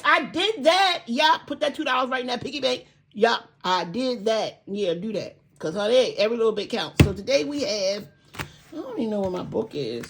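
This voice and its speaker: A woman's voice: medium pitch, vocal fry. An older woman vlogging casually about budgeting at home, chatty and encouraging, laughing often. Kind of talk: casual vlog talk. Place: home room by an open window. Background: faint street noise, passing truck.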